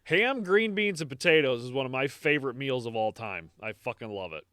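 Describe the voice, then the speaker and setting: A man's voice: medium pitch, animated, brisk, sharp tone, dry recording, studio quality. An American man hosting a history podcast, talking casually with many fillers and swearing. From United States. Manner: rambling, many fillers, swears casually, laughs at own jokes. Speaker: podcast host.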